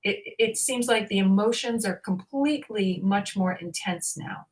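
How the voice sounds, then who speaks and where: Animated woman telling a story. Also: medium pitch, unhurried. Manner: animated, laughs through her story. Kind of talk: casual storytelling chat.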